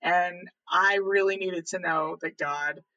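A man, a podcast guest, earnestly telling a personal faith story in a casual, animated way. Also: high voice, slow, no echo, highs cut off.

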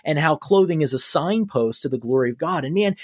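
A man who is a pastor, telling an anecdote in an animated way in a podcast conversation. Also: fairly high pitch, fairly quick, no echo, clean studio sound.

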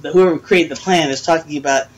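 A woman's voice: sits low, fast, slight background noise, poor audio. An older woman hosting a casual podcast chat from a friend's house, chatty and teasing, laughing often. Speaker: podcast host. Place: friend's house, dim room.

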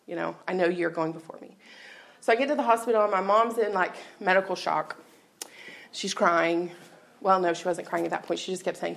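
Gravelly woman giving testimony. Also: lowish voice, steady tone, a little fast, a bit bright. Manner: conversational, candid, often laughing. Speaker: speaker at a church gathering. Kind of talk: personal testimony talk.

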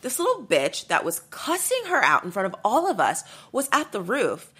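A woman hosting a podcast, telling a story in a blunt, animated, casual way and swearing freely. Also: medium pitch, moderate pace, slightly rough. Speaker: podcast host.

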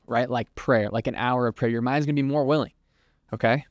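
Chatty young man with a smooth voice. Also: medium pitch, fairly even intonation, normal speed, dry recording, studio quality. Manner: conversational, filler-heavy, lots of "like", acts out hypothetical quotes. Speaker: podcast host. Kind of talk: casual Christian teaching monologue.

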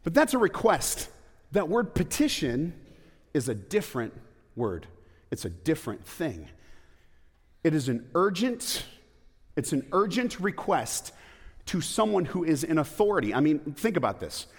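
A man's voice: on the high side, sing-song, unhurried, long pauses, slightly rough. A man preaching a sermon in a church, talking conversationally with rhetorical questions and playful asides. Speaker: pastor. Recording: long hall reverb.

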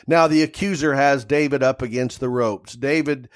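A man, a pastor, preaching a sermon in an unhurried way, with frequent "uh" pauses as he reads scripture aloud. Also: medium pitch, fairly even intonation.

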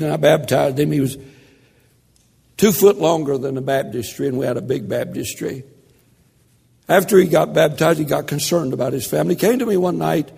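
An older man preaching a sermon, telling a story in a slow, dramatic delivery that drops to a hush. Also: fairly high pitch, vocal fry, breathy edge, in a large hall.

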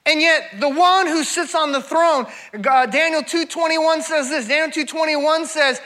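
High-voiced, bright animated male preacher. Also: normal speed, few pauses. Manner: animated preaching, rising to near-shouts then dropping low; addresses crowd as "y'all", asks rhetorical questions. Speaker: traveling preacher. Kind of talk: sermon.

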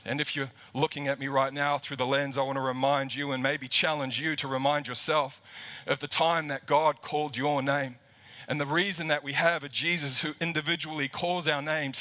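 A man's voice: mid-range voice, sharp tone. A man preaching a livestreamed sermon as lead pastor to a camera in an empty church auditorium, impassioned and repeating words as he builds emphasis.

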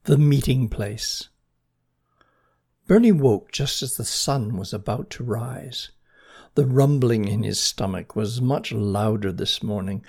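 Storybook narration, gentle, expressive, husky voice, unhurried. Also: mid-range voice.

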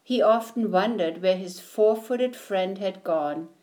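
A woman reading a children's picture book aloud in a gentle, deliberate storytelling manner. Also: medium pitch.

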